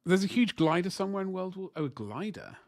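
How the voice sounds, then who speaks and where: A man's voice: high voice, very animated, fast, vocal fry, no echo, clean studio sound. Chatty man streaming his painting. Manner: chatty, rambling, talks to chat while working. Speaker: livestream host painting miniatures. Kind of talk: casual livestream chat.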